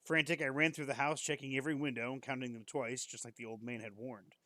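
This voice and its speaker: A man's voice: medium pitch, level tone, fast talker, sharp tone, dry recording. A man streamer reading a horror story aloud on a live stream, casual and breaking off now and then to joke and comment.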